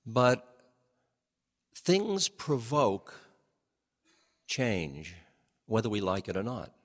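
Older male speaker, very deep voice, laughing storyteller, long hall reverb. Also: very animated. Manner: laughing, unhurried storyteller, shifting pace. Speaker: speaker on change and spirituality. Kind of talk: storytelling talk to an audience.

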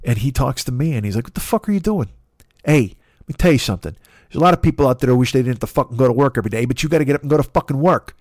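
A man voicing a foul-mouthed, tough-love inner voice with a Chicago accent, ranting and scolding in a fast, profane tirade. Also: mid-range voice, darkish tone, husky, dry recording, clean studio sound. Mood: angry scolding.

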